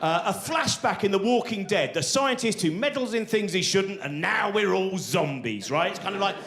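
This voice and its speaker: A man in his forties does rambling, self-deprecating stand-up on a theatre stage. He talks in a high voice that leaps up and down with lively inflection, full of restarts and asides. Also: normal speed. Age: 40s. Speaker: stand-up comedian. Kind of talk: live stand-up storytelling.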